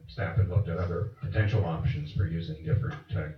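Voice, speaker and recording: A man's voice: low-pitched, fairly even intonation, fast. A man chairing a council meeting, moving through motions in a procedural way with hesitant fillers. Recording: roomy, distant, dull, noisy council chamber.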